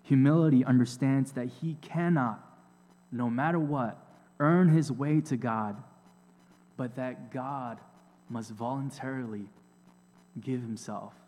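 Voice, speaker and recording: A man preaching a sermon, slow and deliberate, with emphatic repetitions and rhetorical questions. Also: medium pitch, mellow. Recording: long hall reverb.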